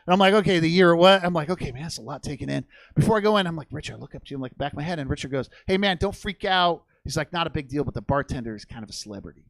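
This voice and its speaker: A man's voice: medium pitch, expressive, racing, gravelly, hardly any pauses, no room sound. A young man doing stand-up on a comedy theater stage, telling a rambling, profane story with lots of energy.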